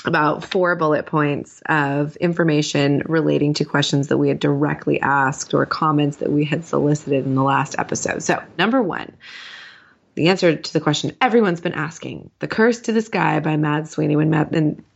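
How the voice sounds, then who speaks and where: A woman's voice: sits low, moderate pace, gravelly. A woman co-hosting a podcast, chatting casually and reading listener mail aloud, laughing often between points. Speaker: podcast co-host. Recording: dull, lo-fi mic sound.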